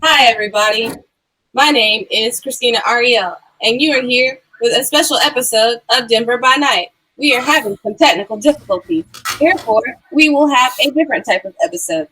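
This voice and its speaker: A woman's voice: a little high, fairly quick, sharp tone, slightly rough, low-quality recording. A woman player speaking on a stream over a video call, stiff and formal when she makes announcements. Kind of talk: casual stream chat.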